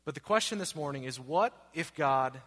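His voice a little high, expressive and a bit bright, a pastor in his thirties preaches at a normal pace. He sounds earnest and repetitive, asking rhetorical questions in a hall with long reverb.

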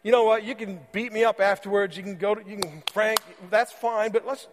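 A man preaching a sermon as pastor, conversational and repeating phrases for emphasis, slowing on key words. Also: sits high, fairly even intonation, in a large hall, noisy background. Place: church sanctuary.

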